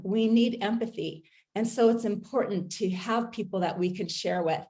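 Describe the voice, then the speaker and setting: A woman hosting a talk, giving recovery and safety advice in an earnest, measured way with frequent pauses. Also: mid-range voice, a little mellow.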